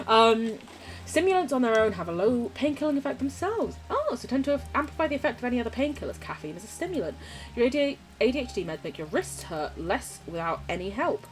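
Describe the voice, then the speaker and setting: A woman's voice: a little high, very animated, a little fast, music in the background. A young British woman streaming a game, chatting casually with her viewers while playing. She swears freely and laughs often. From United Kingdom. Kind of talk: casual chat while gaming and reading chat.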